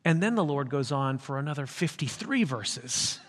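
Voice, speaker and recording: A man's voice: mid-range voice, expressive, normal speed. A male pastor preaching a sermon in an emphatic, conversational way. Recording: long hall reverb.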